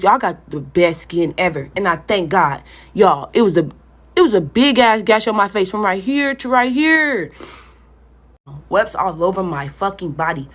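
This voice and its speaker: A young woman with a husky, slightly breathy voice tells a personal story to her viewers. Her pitch swings widely as she speaks, and her talk is blunt, casual and full of cursing. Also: fairly bright tone. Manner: blunt and profane, talks straight to viewers.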